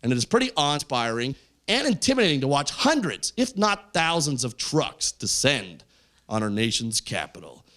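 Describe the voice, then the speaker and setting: A man from Canada doing stand-up comedy, telling a story with lively jumps into other people's voices. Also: mid-range voice, moderate pace. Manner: animated storytelling, jumping into voices. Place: stage in front of a live audience.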